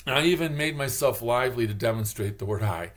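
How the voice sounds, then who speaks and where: A man's voice: medium pitch, fast. Chatty man from Michigan rambling on. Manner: chatty, digressive, acts out quoted voices. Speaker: channel host. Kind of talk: rambling casual monologue.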